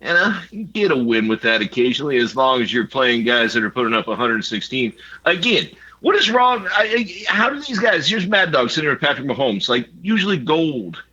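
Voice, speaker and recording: A man's voice: medium pitch, very animated, fairly quick, few pauses, sharp tone, breathy edge, lo-fi sound. A man co-hosting a fantasy football league recap, joking and swearing casually. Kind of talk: casual banter.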